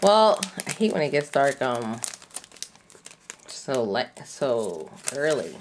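A woman's voice: very deep voice, big pitch swings, slow pace, slight background noise. A woman chatting casually as she unboxes craft supplies, gushing and gasping with delight over each item. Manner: gushing, breathy gasps and delighted exclamations. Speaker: craft vlogger.

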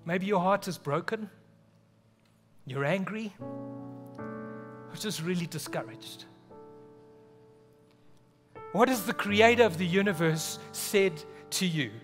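A man from South Africa preaching a sermon in church, earnest, often dropping to a hushed, low voice on key words. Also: slow pace, pauses often, over music. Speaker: pastor.

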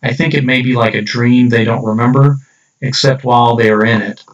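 Weary dead artist read by a man: flat, matter-of-fact, distant lo-fi sound. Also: medium pitch, a little fast, echoey room, natural voice. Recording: dull distant lo-fi recording.

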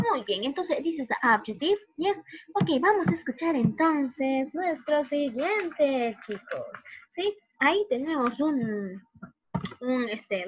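Woman English teacher, slow, dramatic gasps, dull lo-fi recording. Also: a little high, dry recording. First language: Spanish. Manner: acts out each adjective with gasps and sighs, switching between English and Spanish. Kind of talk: online class for children. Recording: dull lo-fi dry sound.

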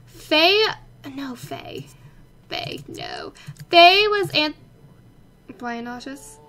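A young woman hosting a casual let's play, chatty and excitable, talking to the characters on screen. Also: sits high, extremely slow, slight background noise. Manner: chatty, excitable, talks to her game characters. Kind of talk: casual game commentary.

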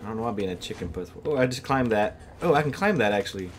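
A noisy home recording catches the man's casual horror let's-play, full of giggles, jitters and remarks to the screen. He speaks very fast and animatedly, his voice on the low side.

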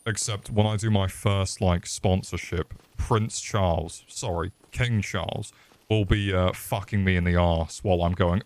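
Brief: young male streamer, lowish voice, rambling, swears constantly, jokes at himself. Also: a little slow, a little hiss or hum. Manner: profane, rambling, jokey. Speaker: gaming streamer. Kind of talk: casual livestream commentary.

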